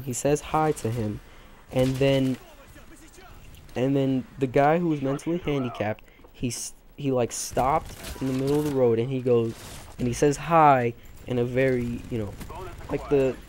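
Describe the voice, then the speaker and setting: A man's voice: medium pitch, mellow, a little hiss or hum. A teenage man hosting a gaming channel, telling a long rambling story full of fillers and restarts over his gameplay.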